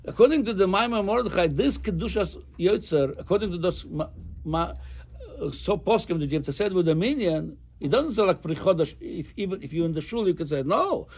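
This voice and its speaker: A man teaching a Jewish law class as a rabbi, halting and repeating words as he explains texts. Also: high-pitched, lively intonation, a little mellow. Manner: halting, repeats words, reads Hebrew text in chant. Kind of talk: halacha class.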